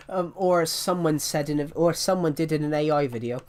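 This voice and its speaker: A man's voice: fairly high pitch, a little fast, hardly any pauses, a little mellow. A young man streaming a game, chatting casually and rambling between laughs. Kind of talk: casual live-stream chat.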